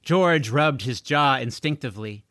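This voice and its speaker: Male audiobook narrator, animated and bright, dry close sound. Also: mid-range voice, unhurried, dry recording. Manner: expressive, animated reading. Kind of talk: scripted story narration.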